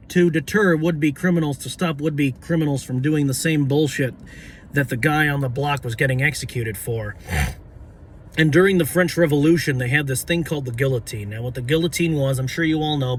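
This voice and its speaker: A man ranting to camera as a football fan, brash and swearing, with a hoarse voice that is giving out. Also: mid-range voice, slight background noise. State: hoarse, voice going out. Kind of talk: profane fan rant to camera.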